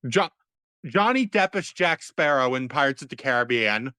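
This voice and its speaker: A man's voice: medium pitch, animated, normal speed, bright, forceful tone, clean tone, no room sound, studio quality. A man co-hosting a casual podcast, laid-back and easily amused. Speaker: podcast co-host.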